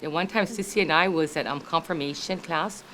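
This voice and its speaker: A woman's voice: deep voice, a little fast, a bit bright, slight background noise. Laughing Hawaii-accented older woman storyteller. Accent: Hawaii local English. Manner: chatty, laughs often, acts out relatives' voices. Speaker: family member sharing memories. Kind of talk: casual storytelling. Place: family reunion gathering.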